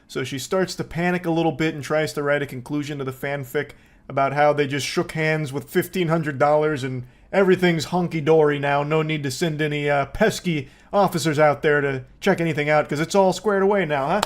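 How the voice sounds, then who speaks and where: A man's voice: on the high side, fairly quick. A man giving wry, sarcastic commentary on a video, laughing and swearing. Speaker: streamer reacting to video. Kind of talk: casual commentary.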